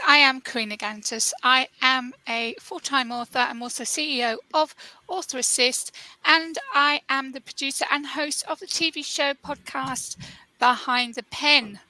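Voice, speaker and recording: A woman introducing herself as a player in a tabletop game, upbeat and brisk. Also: high voice, sharp tone, dry recording, poor audio. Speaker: player, author. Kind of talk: casual self-introduction.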